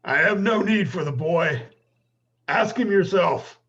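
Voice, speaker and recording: A man voicing a wounded, gruff male orc warrior in a tabletop game, with defiant outbursts. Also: sits high, animated, a little slow, a bit bright, lo-fi sound, pitched above the performer's own voice, heavily acted.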